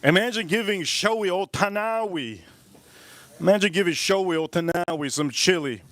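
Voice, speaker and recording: A man's voice: sits high, normal speed, dry recording. Rambling man telling a story at the grill. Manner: repetitive, animated storyteller who jumps between the tale and the grill. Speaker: live-stream cook and host. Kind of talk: rambling live-stream storytelling while grilling. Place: outdoors at a charcoal grill.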